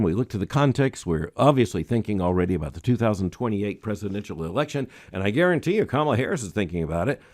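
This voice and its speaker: A man's voice: fairly low pitch, a little mellow. A man hosting a daily news analysis show, giving emphatic, wry commentary with small hesitations and reading quotations aloud.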